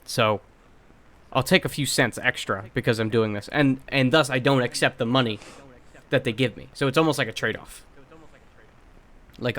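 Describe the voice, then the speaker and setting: A man's voice: medium pitch, fairly quick. Blunt, profane young man telling stories. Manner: blunt, profane, animated storytelling. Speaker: podcast co-host. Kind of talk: casual chat.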